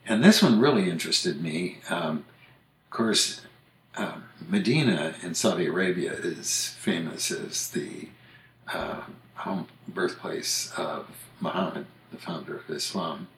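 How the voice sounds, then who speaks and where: Deep-voiced older man musing in a roomy space. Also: measured pace. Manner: musing, self-correcting, chatty. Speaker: podcast host. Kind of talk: casual podcast chat. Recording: roomy echo.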